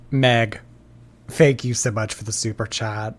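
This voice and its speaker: A man hosting a livestream, reacting with amusement and thanking viewers for their messages. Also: fairly low pitch. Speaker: streamer host.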